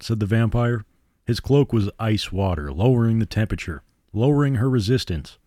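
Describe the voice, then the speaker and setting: A man hosting a horror podcast, reading the story in a theatrical, measured way. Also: lowish voice, expressive, mellow, dry recording, studio quality. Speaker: podcast host and narrator. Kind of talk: dramatic horror narration.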